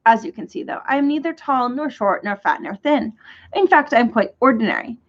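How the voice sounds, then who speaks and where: Brief: woman playing fussy, forgetful storybook man, high and bright, dull lo-fi sound. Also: lively intonation, a little fast, lightly acted. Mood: cheery. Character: cheerful, muddled ordinary man of four jobs. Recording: dull lo-fi recording.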